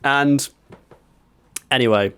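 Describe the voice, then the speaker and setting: A man's voice: medium pitch, takes it slowly, a bit bright, clear, resonant tone. A man on a podcast telling a story, acting out quotes as he goes. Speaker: podcast co-host. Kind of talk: casual chat.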